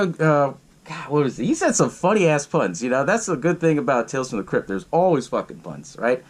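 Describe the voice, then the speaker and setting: A man's voice: a little high, big pitch swings, fairly quick, rough recording. A man hosting a podcast, recapping a movie in a loose, profane way and laughing often. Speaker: podcast host.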